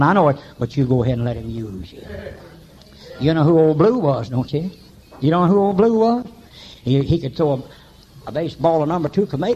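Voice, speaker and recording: Older man preaching, folksy storyteller, raised-pitch voice, high shouting bursts, dull lo-fi church recording. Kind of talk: revival sermon. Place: church meeting.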